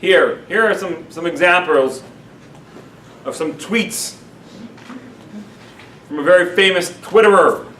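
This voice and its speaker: A man with a high-pitched voice gives a lively class lecture as a rabbi and acts out his examples for the room. He sounds a little distant from the microphone, and the room adds a noticeable echo. A faint background noise sits under his voice. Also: takes it slowly, long pauses.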